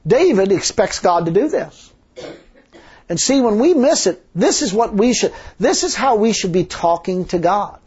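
A man's voice: high voice, very animated, moderate pace, a little mellow, breathy edge. A man preaching a sermon in a folksy, emphatic way, full of rhetorical questions. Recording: dull lo-fi sermon recording.

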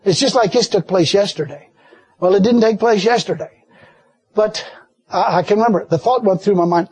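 A man preaching a sermon with folksy, animated storytelling and frequent laughter. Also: high-pitched, normal speed, husky, dry recording.

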